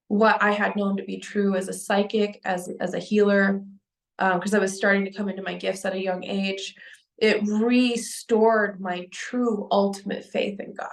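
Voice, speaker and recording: A young adult woman telling a personal spiritual story to camera in an earnest, halting way, with frequent restarts and fillers. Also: mid-range voice, fairly even intonation, gravelly. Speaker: spiritual vlogger. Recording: echoey room.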